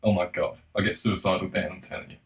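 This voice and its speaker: A man's voice: low voice, fast talker, vocal fry. Sweary man ranting in a roomy space. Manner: profane, sarcastic, bursts into mocking shouts. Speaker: solo commentator. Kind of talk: casual ranting monologue. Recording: roomy echo.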